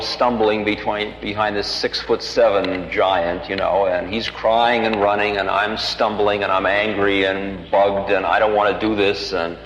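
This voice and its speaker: A man giving a lecture, telling a story from his own life in a wry, conversational, self-mocking way. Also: fairly low pitch. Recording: roomy hall, dull lo-fi archive tape.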